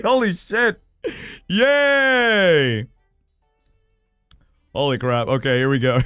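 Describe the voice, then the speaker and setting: A man hosting a livestream, reading viewers' horror stories aloud in an excitable, swearing, laugh-filled way. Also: on the high side, slow pace, pauses often, clean tone, no echo, studio quality, faint music behind. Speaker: streamer host.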